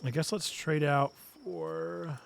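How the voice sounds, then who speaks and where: A man's voice: a little high, fairly even intonation, takes it slowly, gravelly, slight background noise. A man streaming a video game, chatting casually and playfully talking to the creatures in it. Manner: playful, talks to the game creatures and reads chat. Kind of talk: casual gameplay commentary.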